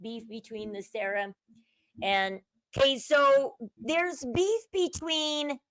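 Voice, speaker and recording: A woman talking casually as host of a commentary channel, chatty and speculative, dropping to a low murmur when she quotes people. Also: takes it slowly, a bit bright, dry recording, low-quality recording. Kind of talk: casual commentary over a video clip.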